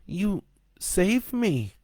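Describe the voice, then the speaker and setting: A man voicing a frightened little boy in a read-aloud story, raising his voice high and strained. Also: sing-song, drawn-out words, a little mellow, no echo, heavily acted. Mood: grateful.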